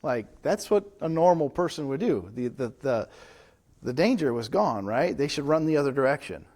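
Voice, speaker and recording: A male pastor delivering an evening Bible study sermon in a church, with a voice of middling pitch. He talks in a loose, conversational way, tossing rhetorical questions to his listeners as he teaches. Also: very animated, moderate pace, a little mellow.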